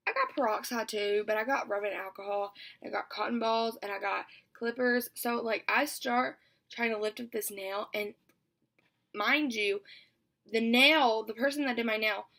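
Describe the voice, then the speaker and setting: A woman's voice: fairly high pitch, vocal fry, fairly bright tone. A young woman telling a storytime vlog in a chatty way, filling almost every phrase with "like". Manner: chatty, says "like" constantly. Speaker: vlogger.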